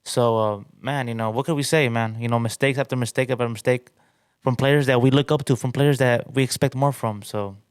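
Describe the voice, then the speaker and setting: A man talks quickly and bluntly on a sports podcast. He sounds exasperated and hammers the same point again and again. The close mic gives a dry, dead sound. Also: mid-range voice, steady tone, clear, resonant tone, no room sound. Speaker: podcast co-host. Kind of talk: casual sports chat.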